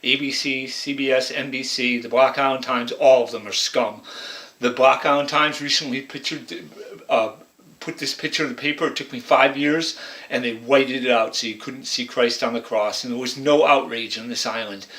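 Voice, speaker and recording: A man's voice: medium pitch, fairly even intonation, normal speed, fairly bright tone. A man talking in a rambling, repetitive monologue, pointing out details in pictures as he goes. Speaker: vlogger interpreting images. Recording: roomy echo.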